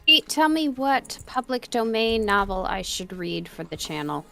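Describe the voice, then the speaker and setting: Bright text-to-speech woman reading chat. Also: medium pitch, very animated, measured pace, creaky, faint music behind.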